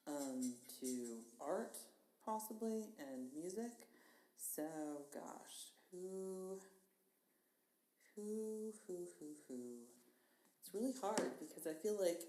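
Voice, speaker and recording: Chatty low-voiced woman, echoey room. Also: warm tone. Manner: chatty and enthusiastic, thinks aloud with fillers. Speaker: podcast guest. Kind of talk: casual chat. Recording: echoey room with faint hiss.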